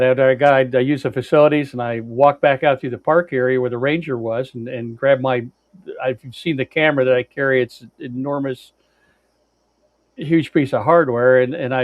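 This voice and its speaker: A man's voice: medium pitch, dry recording. A man co-hosting a podcast, casually telling a long road-trip story with lots of fillers and restarts and some blunt swearing. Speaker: podcast co-host. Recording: dry, dull lo-fi sound.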